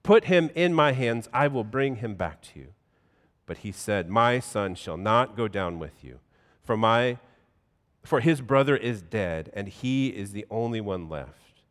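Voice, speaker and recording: A pastor reading scripture aloud in a measured, solemn way, then preaching a sermon in a church. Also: male voice, on the low side, expressive, a bit bright. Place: church sanctuary. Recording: long hall reverb.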